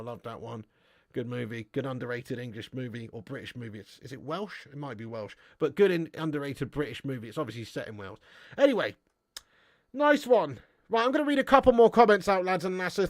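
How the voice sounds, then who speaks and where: Sweary, high-voiced livestream host. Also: male voice, no room sound, clean studio sound. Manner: sweary, blunt, ranting banter with the chat. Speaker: live stream host. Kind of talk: casual live-stream chat.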